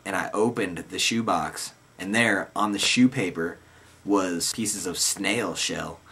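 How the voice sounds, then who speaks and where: Guy in his twenties, low-ish voice, casual storyteller, slangy and rambling. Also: slow, bright, forceful tone, slightly rough. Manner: rambling, loose and slangy, lots of "like" and "dude". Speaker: vlogger telling a personal story.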